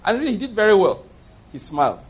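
A man's voice: high voice, very animated, fast, slightly rough. A middle-aged man preaching a sermon, telling stories with emphatic repetition. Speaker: pastor.

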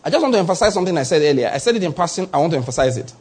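A Nigerian man preaching a sermon as pastor, lively and conversational, acting out small voices and often checking that the listener follows. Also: fairly high pitch, racing, slightly rough.

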